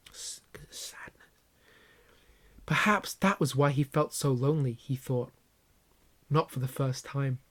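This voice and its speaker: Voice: mid-range voice, moderate pace. A YouTuber giving a comedic reading of fanfiction, with mock-dramatic narration and sarcastic asides.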